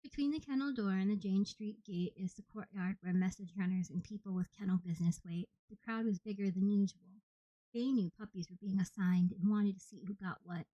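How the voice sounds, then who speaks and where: A woman narrating an audiobook in the first person with steady, plain storytelling. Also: mid-range voice, fairly quick, dry recording, dull audio. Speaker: audiobook reader.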